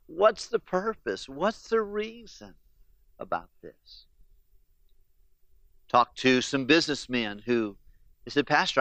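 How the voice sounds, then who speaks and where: A man's voice: fairly high pitch, bright, forceful tone, no echo. Earnest man preaching a sermon. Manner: earnest storytelling, voicing the questions of grieving people. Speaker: pastor.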